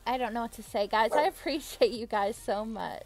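A woman's voice: a little high, moderate pace, soft background music. A young adult woman chatting casually with viewers on a live stream, bubbly and giggly, thanking them effusively. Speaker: livestreamer.

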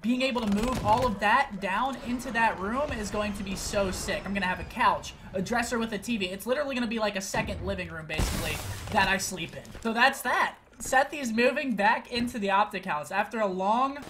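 A man's voice: high-pitched, fairly quick, few pauses, background noise. A young man in his twenties from Pennsylvania, talking casually and playfully to his viewers in a hyped vlog from home. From Pennsylvania, USA. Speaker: gaming YouTuber.

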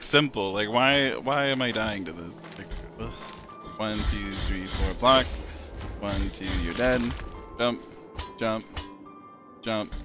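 A man plays a hard game on a stream and calls out each jump and block at an unhurried pace. His frustration boils over into swearing, and his pitch swings widely from one line to the next. Clear game music plays under his voice. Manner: counts out his moves under his breath. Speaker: gaming streamer. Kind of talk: let's play commentary. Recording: game music playing behind.

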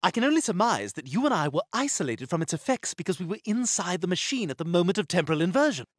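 A man's voice: high voice, sing-song, quick pace, dry recording. An actor voicing a precocious, scheming infant boy in a cartoon, with prim, theatrical diction and overdramatic outbursts. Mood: lecturing. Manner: shrieks in disgust, overdramatic. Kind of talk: cartoon voice acting.

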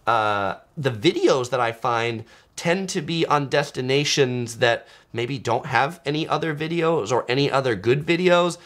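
A chatty male host on a travel livestream, keeping an easygoing, conversational tone. His voice sits at an ordinary middle pitch, and he drops in plenty of "uh" fillers as he riffs on viewer comments. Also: measured pace. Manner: chatty and relaxed, with frequent "uh" fillers. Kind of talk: casual livestream chat reading viewer comments.

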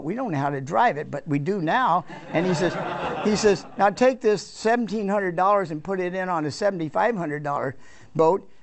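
A man's voice: fairly high pitch, creaky, darkish tone. An older man, a business founder, telling a folksy anecdote to a student audience and acting out the voices of people he quotes. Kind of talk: storytelling talk to students.

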